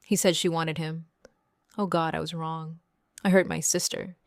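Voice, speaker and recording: A woman's voice: sits low, flat delivery, normal speed, gravelly, no echo, studio quality. A woman voicing a remorseful older sister who apologizes in short, simple sentences.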